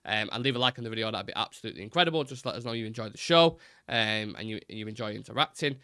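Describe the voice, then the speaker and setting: A man's voice: fairly low pitch, lively intonation, racing, bright, forceful tone, clear, resonant tone, no echo, clean studio sound. A man hosting a live football fan stream, chatting casually and rambling, swearing now and then.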